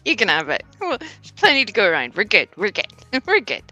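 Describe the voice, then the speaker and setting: A woman's voice: medium pitch, huge pitch swings, brisk, sharp tone, soft background music. A woman hosting a casual livestream, greeting viewers one by one and laughing often. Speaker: livestream host.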